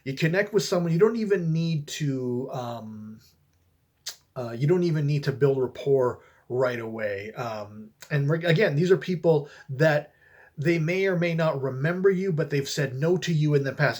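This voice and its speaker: A man talking through a sales approach in a relaxed, conversational coaching style, with frequent fillers and restarts. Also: fairly high pitch, normal speed, slightly rough. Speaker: network marketing coach. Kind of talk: casual coaching talk to camera.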